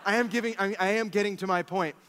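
A man in his thirties, a pastor preaching a sermon, telling stories with animated swings from soft asides to exclamations. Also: high voice, fast, long reverb tail.

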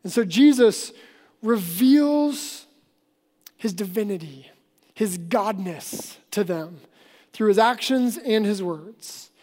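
A woman pastor preaching a sermon, explaining earnestly and slowing down for emphasis. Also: mid-range voice, expressive, warm tone. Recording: long hall reverb.

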